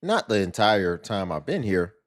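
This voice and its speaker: Low-voiced man giving reaction commentary. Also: sing-song, normal speed. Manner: laughing, mocking, then advising.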